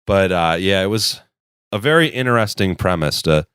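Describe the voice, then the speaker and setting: A man's voice: deep voice, expressive, normal speed, fairly bright tone, clear, resonant tone, dry recording, clean studio sound. A man in his thirties co-hosting a casual podcast, telling rambling, enthusiastic stories. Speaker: podcast co-host. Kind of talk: casual chat.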